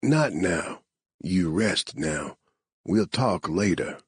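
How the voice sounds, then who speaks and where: A gentle, protective man with a Cajun accent, speaking in a slow, soothing murmur. His voice sits low and husky. A man reads his lines in an audiobook. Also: lively intonation, no room sound, full character voice. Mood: tender.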